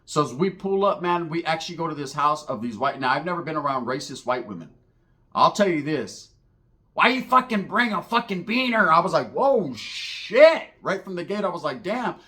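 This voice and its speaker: Animated, profane storytelling man. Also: on the high side, brisk. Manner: animated, profane, slangy, acts out voices in the story. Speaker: comedic storyteller. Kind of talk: comedic street storytelling monologue.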